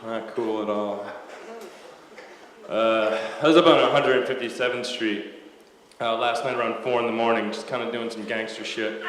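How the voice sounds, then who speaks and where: A man doing a stand-up comedy set on a club stage, deadpan with lots of "uh" pauses. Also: medium pitch. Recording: echoey live club with loud noise.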